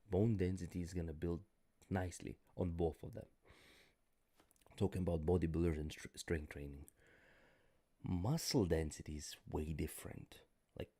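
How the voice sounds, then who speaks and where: A man on a casual live stream, hoarse and tired, talking bluntly and rambling with many restarts. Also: deep voice, mellow. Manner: rambling, blunt, self-correcting. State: hoarse, voice cracking.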